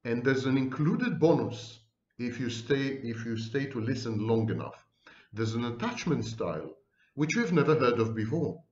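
A man's voice: mid-range voice, expressive, a little mellow, lo-fi sound. Wry lecturing man in an echoey room. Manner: wry, theatrical asides, slow deliberate emphasis. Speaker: psychology professor. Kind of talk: lecture to camera.

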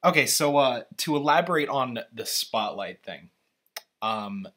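A man's voice: medium pitch, lively intonation, measured pace, over loud music. A man giving casual, rambling, opinionated commentary while reacting to a movie trailer.

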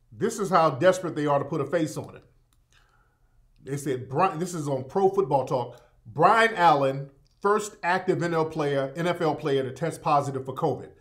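A man's voice: a little high, moderate pace. Man hosting a casual live broadcast. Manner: loose, repetitive, addresses listeners as family. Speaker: radio show host.

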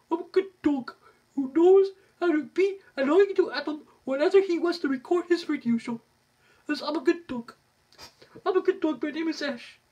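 A man's voice: very high-pitched, pitched above the performer's own voice. A man voicing a cute, eager little male puppy dog who repeats himself in a simple sing-song.

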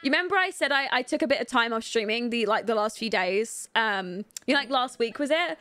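A young woman streaming a life-sim game, chatting candidly with viewers, rambling with lots of fillers and quick to laugh. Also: a little high, lively intonation, bright, forceful tone, dry recording. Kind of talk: casual live-stream chat while playing.

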